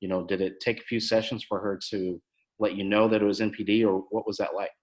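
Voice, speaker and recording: Low-voiced hesitant interviewer man. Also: little pitch movement, fast talker. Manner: hesitant, many restarts and "you know". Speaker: podcast host and former therapist. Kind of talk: interview questions.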